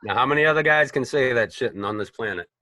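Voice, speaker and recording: A man's voice: medium pitch, quick pace. A man, an actor telling rambling, profane stories in a casual interview. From Boston, United States. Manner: animated, profane, rambling storyteller. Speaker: actor guest.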